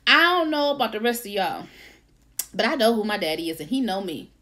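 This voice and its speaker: A woman hosting a casual faith-based livestream, lively, laughing often and greeting viewers by name. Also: medium pitch, brisk. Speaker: author and livestream host.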